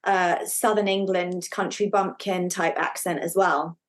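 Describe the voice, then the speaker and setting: A woman's voice: lowish voice, level tone, unhurried. A woman hosting a podcast, chatting casually and sharing personal experiences while affirming her guest. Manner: warm listener, frequent affirming murmurs.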